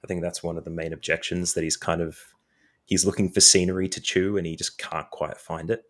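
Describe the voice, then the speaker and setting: A man's voice: sits low, little pitch movement, a little fast. A man co-hosting a casual gaming podcast, talking through his opinions at length. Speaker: podcast co-host.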